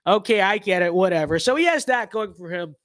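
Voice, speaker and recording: A man's voice: high voice, animated, brisk, a bit bright, no room sound. A young man with a stuffy nose, giving blunt, sarcastic and rambling political commentary in a casual livestream.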